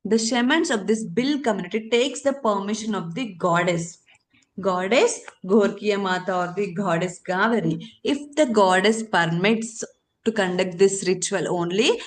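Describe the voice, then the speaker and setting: A woman's voice: medium pitch, a little hiss or hum. A woman teaching a current affairs lesson for exam candidates, repeating key terms and answering her own questions.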